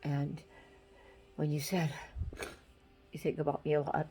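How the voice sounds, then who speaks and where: An older woman giving a halting, emotional farewell message, close to tears, with many pauses and restarts. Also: low-pitched, flat delivery, warm tone, soft background music, poor audio.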